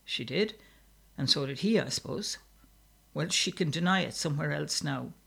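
A man voicing a rough, bullying older brother who barks commands. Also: a little high, animated, moderate pace, sharp tone, heavily acted. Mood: gruff. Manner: gruff, commanding.

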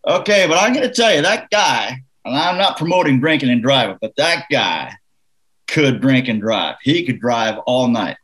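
A man from Canada, a musician guest in a casual interview, telling an anecdote in a lively, laughing way. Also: medium pitch, normal speed, low-quality recording. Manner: animated, laughing anecdote teller.

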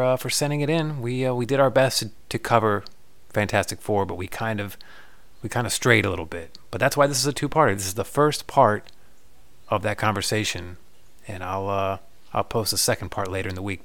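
A man's voice: lowish voice, a bit bright. A man hosting a podcast, chatting casually and loosely with many fillers. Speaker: podcast host. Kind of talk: casual chat.

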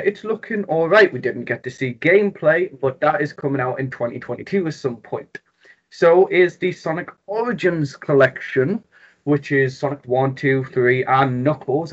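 Geordie man chatting on a podcast. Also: mid-range voice. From North East England. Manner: jokey, quick, rambling with fillers. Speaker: podcast co-host. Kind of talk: casual gaming podcast chat. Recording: dull lo-fi podcast audio.

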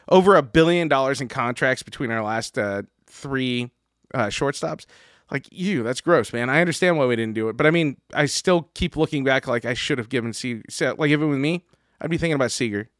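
A man co-hosting a casual sports podcast, talking in an animated, joking way. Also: medium pitch, fast talker, no echo, clean studio sound. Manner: animated, does excited impressions in stories. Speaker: podcast co-host.

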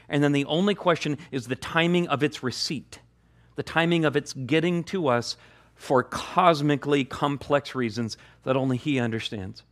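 A man's voice: fairly high pitch, fairly bright tone. A male pastor preaching a sermon, repeating key phrases for emphasis.

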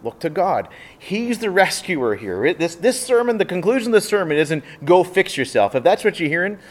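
A man's voice: sits high, big pitch swings, fairly quick. A man preaching in an earnest, conversational way, with a slightly raised voice. He often stops and restarts his sentences and leans on filler words as he speaks directly to his listeners. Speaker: pastor. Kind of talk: sermon.

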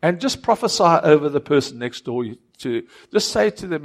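An earnest preacher man with a slightly high voice. He repeats and restarts his words, and his volume swings from hushed to forceful. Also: animated, moderate pace, few pauses. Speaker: pastor. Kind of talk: sermon.

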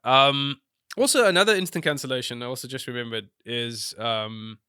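A man co-hosting a casual film podcast, hesitant with many fillers, his voice jumping high when he is amused. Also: moderate pace, sharp tone, clean tone, dry recording, clean studio sound. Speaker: podcast co-host.

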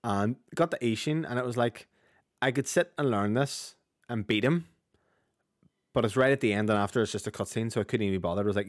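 A man's voice: mid-range voice, no echo, studio quality. A man with a Northern Irish accent co-hosting a gaming podcast in casual, sweary banter. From Northern Ireland. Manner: rapid, chatty, sweary banter. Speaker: podcast co-host.

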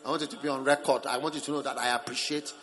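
A man's voice: mid-range voice, fairly even intonation, pitched below the performer's own voice, natural voice. A man acting out an ungrateful person who rattles off a curt, grudging thank-you. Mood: grudging, hurried. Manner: fast, loud, curt and grudging.

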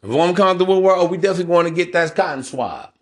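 A man delivering a casual podcast monologue in a blunt, preachy way, with frequent profanity. His voice sits somewhat high for a man. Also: expressive, fast talker. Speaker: podcast host.

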